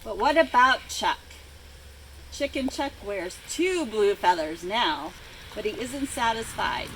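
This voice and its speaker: A woman's voice: on the high side, takes it slowly, rough recording. Woman reading a storybook aloud outdoors. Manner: expressive storytelling. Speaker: librarian. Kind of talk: reading a picture book aloud to children. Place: outdoors by a chicken coop. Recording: outdoor noise with farm animals.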